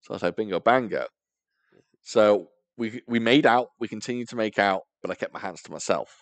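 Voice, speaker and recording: A man's voice: lowish voice, a little fast, no room sound. A young man co-hosting a podcast, telling a story in a casual, self-mocking way, laughing often and swearing freely. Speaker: podcast co-host.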